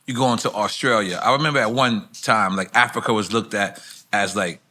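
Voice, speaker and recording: A man's voice: fairly low pitch, fairly even intonation, a little fast, sharp tone. A man hosting a casual talk show, playful and slangy in the way he talks. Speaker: host.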